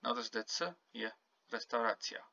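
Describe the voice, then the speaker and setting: A man with a gravelly, bright and forceful voice teaches a language lesson at an unhurried pace, repeating each word carefully so the learner can copy it. The recording is dry and a little dull, like a simple home setup. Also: medium pitch, completely flat delivery. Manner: slow, patient, repeats words to model pronunciation. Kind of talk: casual spoken language lesson.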